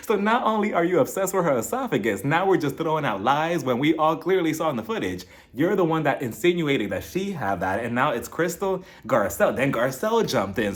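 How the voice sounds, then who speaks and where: A man hosting a casual reality TV recap, chatting in an animated, gossipy way and laughing often. His voice sits fairly high and swings widely in pitch as he gets worked up.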